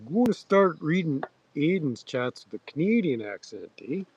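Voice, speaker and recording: A man hosting a livestream, chatting loosely to viewers with crude slang, halting restarts and frequent throat-clearing. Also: a little high, very animated, darkish tone, dull audio, a little hiss or hum. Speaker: livestream host. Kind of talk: rambling casual chat to viewers.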